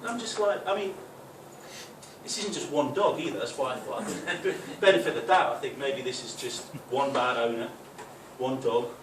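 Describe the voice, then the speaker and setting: A stand-up comedian performs a live set for an audience in a football club function room, rambling conversationally with plenty of "right?" asides. His medium-pitched voice is animated and moderately paced. The recording is noisy and echoey, picked up from far off.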